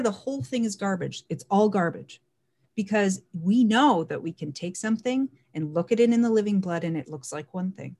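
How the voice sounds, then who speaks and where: A woman speaking in a casual monologue, emphatic and animated, often repeating words for stress. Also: medium pitch, moderate pace.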